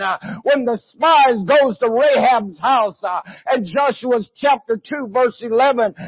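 A fervent male preacher with a notably high voice, leaning into his sermon and punctuating it with amen. The sound is dry and a little dull, with no room around it. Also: no echo. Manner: fervent preaching, often saying amen, rising to shouts.

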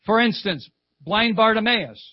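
A man's voice: high voice, animated, measured pace, highs cut off. Fervent older man preaching a sermon. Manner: fervent storytelling preacher, repeats phrases, calls "Amen". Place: church service.

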